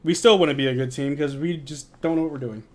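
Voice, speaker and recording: A man's voice: a little high, a little fast, darkish tone. A young man hosting a live watch-along, calling the plays in a tired, yawning way and answering viewer chat. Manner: tired, yawning, drowsy play-by-play; reads viewer chat aloud and replies. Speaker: live stream host.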